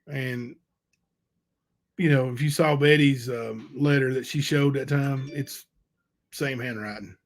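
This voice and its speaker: Man, livestream host, reading letters and commenting, halting, slow. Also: medium pitch, fairly even intonation. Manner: halting, unsure, many fillers and restarts.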